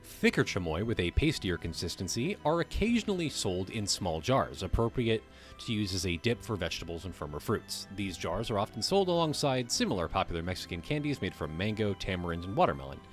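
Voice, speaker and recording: A man's voice: lowish voice, very animated, brisk, few pauses, soft background music. A man hosting a livestream, reading a text aloud and breaking off to riff on it casually, swearing now and then. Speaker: livestream host.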